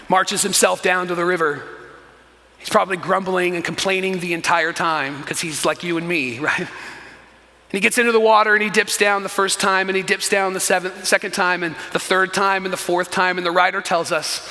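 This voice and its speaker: Bright high-voiced pastor in a reverberant church. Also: male voice, fairly quick. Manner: animated storytelling with frequent "right?" asides. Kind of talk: sermon. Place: church sanctuary.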